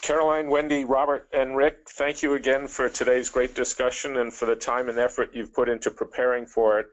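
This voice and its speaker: A man's voice: mid-range voice, little pitch movement, a little fast. A man moderating a webinar, giving polite closing remarks with frequent "um" fillers, over dull lo-fi call audio.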